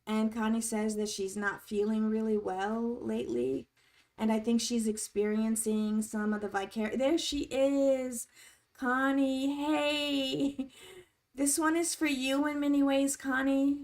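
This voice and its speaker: Woman host of a casual live chat, speaking gently and supportively to her viewers in a somewhat high voice. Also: level tone, normal speed. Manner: warm, supportive, reads chat aloud. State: tearing up. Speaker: livestream host.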